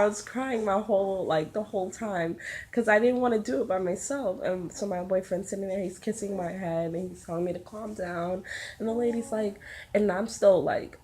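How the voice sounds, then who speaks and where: A woman's voice: medium pitch, moderate pace, a little hiss or hum. A young woman casually telling a personal story, blunt and profane, acting out what people said. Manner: blunt and profane, acts out quotes with rising excitement. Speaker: vlogger.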